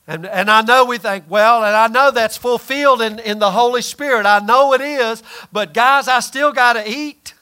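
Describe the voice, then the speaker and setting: A man's voice: extremely high pitch, moderate pace, few pauses, bright, forceful tone, clear, resonant tone. A man preaching a sermon in a conversational, emphatic way, often acting out quoted voices.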